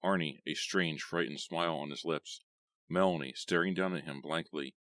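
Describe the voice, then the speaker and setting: A man reading a horror audiobook in a measured, steady way. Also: rumbling low, dry recording. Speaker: audiobook narrator. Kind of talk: scripted horror audiobook narration.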